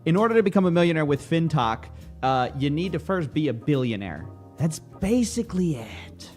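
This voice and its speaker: A man's voice: on the high side, normal speed, faint music behind. A young man hosting a show, giving sarcastic, jokey commentary on video clips. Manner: mocking, animated, jokey. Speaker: host.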